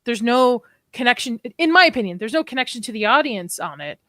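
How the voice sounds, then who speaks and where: A woman's voice: fairly high pitch, animated, brisk, a bit bright, no room sound. A woman co-hosting a casual live discussion, chatting and reading her notes aloud with frequent restarts. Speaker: podcast co-host.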